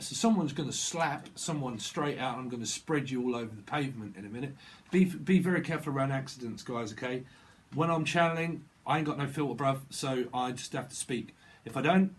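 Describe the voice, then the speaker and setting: Expressive and fairly quick, this mid-range male tarot reader meanders through a channeled reading, jumping between bits of wordplay and chuckling at himself, with slight background noise behind him.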